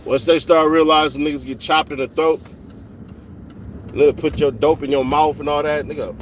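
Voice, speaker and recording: A man's voice: a little high, steady tone, moderate pace, slight background noise, rough recording. A man vlogging from a car, telling stories in loose, profane slang. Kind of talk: casual chat while driving.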